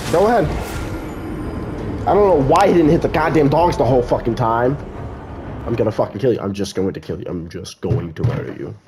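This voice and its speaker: A man playing a video game and commenting live, swearing loudly at enemies and muttering to himself between fights, with game music behind him. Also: medium pitch, expressive, brisk, pauses often. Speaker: gaming streamer.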